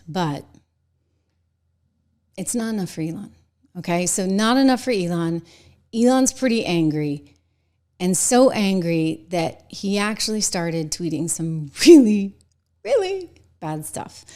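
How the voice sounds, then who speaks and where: Chatty woman host talking politics. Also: mid-range voice. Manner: chatty, animated, laughs between points. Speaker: political commentary show host. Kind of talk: casual political commentary.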